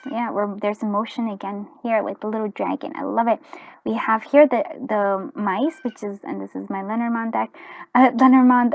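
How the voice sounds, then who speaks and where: A woman reading tarot cards in a casual chat, with a hoarse, fading voice that keeps clearing its throat, rambling with restarts and dropping into soft half-whispered asides. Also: on the high side, no room sound. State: hoarse, voice going. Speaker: tarot reader. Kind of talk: casual pick-a-card reading.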